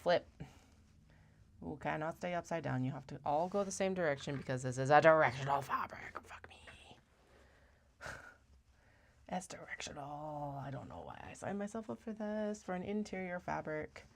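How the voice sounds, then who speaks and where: A woman with a low, gravelly voice talks her way through a sewing job on a live stream. Her pitch swings widely as she chats, wry and self-mocking, with the odd curse. It sounds like easygoing running commentary. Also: expressive, moderate pace, long pauses. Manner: chatty, wry, swears and laughs at herself. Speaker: sewist hosting a craft live stream. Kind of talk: casual running commentary while working.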